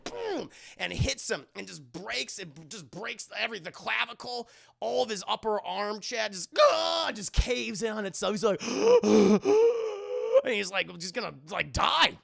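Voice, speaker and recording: A man streaming a casual, animated and profane movie recap while talking to his chat. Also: high-pitched, moderate pace, creaky, hardly any pauses.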